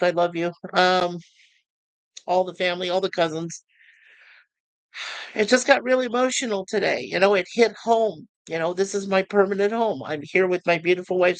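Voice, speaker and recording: A middle-aged man hosting his channel, talking to viewers in a halting, emotional way with many restarts and repeated words. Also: high voice, clean tone, dry recording, rough recording. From United States. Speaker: YouTube channel host. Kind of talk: emotional personal talk to viewers.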